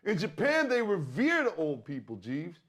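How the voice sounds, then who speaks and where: A man's voice: high-pitched, huge pitch swings, moderate pace, fairly bright tone. A man co-hosting a podcast, talking bluntly and swearing freely in casual chat. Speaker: podcast co-host.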